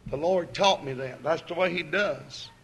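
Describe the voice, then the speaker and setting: A man preaching a sermon, folksy and swinging between loud exhortation and quiet asides. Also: a little high, measured pace, husky.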